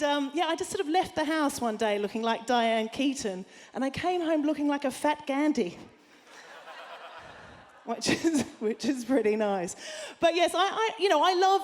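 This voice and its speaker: An Australian woman in her forties doing a brash, crude, self-mocking stand-up comedy set on a theatre stage, shouting some punchlines. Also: sits high, expressive, normal speed. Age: 40s.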